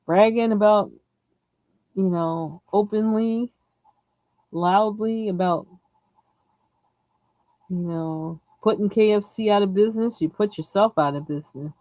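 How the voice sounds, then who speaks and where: A woman with a mid-range, mellow voice hosts a coloring livestream, speaking at a measured pace with frequent pauses. She chats casually and rambles, laughing often and trailing off as she hunts for colors. The recording is rough but has no echo.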